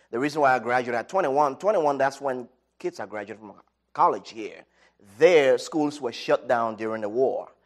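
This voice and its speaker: A middle-aged man giving an inspirational talk, telling a personal story with dramatic swings from loud to quiet. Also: medium pitch. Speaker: speaker.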